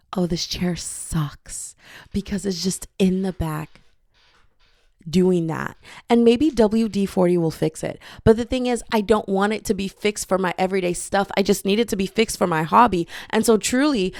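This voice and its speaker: Young woman podcaster rambling in her bedroom, bit scratchy, some vocal fry, dry close sound. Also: mid-range voice, darkish tone, no room sound. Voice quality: slightly scratchy. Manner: chatty and rambling, breaks into playful off-key singing. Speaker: podcast host. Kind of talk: casual solo podcast chat. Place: her bedroom with hardwood floors. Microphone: podcasting mic.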